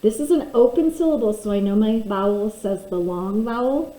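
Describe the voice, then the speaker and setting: Woman teacher, middle-aged, mellow tone, deliberate phonics lesson, echoey room. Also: medium pitch. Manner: slow, deliberate sounding out of letters. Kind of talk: phonics lesson, sounding out words. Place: room at a desk. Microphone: camera pointed at desk.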